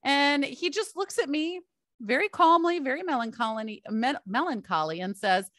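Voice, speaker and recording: Bright, chatty woman podcaster. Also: high voice, lively intonation, normal speed, no echo. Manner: chatty, storytelling, addresses listeners as "you guys" and "y'all". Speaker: podcast host. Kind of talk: solo podcast monologue.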